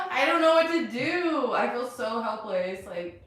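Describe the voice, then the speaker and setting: A woman co-hosting a casual couple chat, expressive, swearing casually and laughing often. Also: sits high, takes it slowly. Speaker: podcast co-host. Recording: echoey room, distant mic, faint noise.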